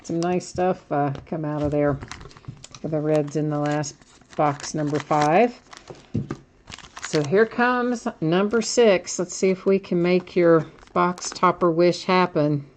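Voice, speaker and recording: Woman host, low voice, chatty card-break patter, faint noise behind. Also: slow pace. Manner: chatty, thinks aloud, frequent laughs. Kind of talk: live card break chat.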